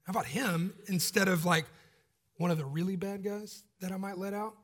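Man doing a grumpy impatient governor, exasperated, high husky voice. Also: steady tone, normal speed, a bit bright. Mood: dismissive. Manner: exasperated, dismissive, casual modern slang.

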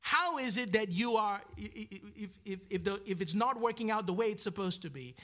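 A man's voice: high-pitched, animated, fairly quick, bright, forceful tone. A man preaching a sermon, often asking his listeners "right?" and repeating words as he searches for the next phrase.

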